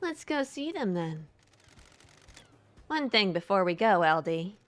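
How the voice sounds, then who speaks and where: A woman streamer reading a game's dialogue and text aloud in a plain, even way. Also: medium pitch, a little slow, slight background noise.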